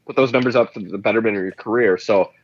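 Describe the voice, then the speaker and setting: A man co-hosting a casual sports podcast, rambling in a relaxed, jokey way. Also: lowish voice, fast talker, lo-fi sound. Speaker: podcast co-host.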